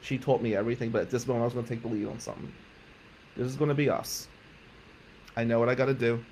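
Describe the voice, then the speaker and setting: A man telling a personal story in an emphatic, profane way, loudly acting out the people he quotes. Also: medium pitch, fairly even intonation, fast, a little hiss or hum, low-quality recording.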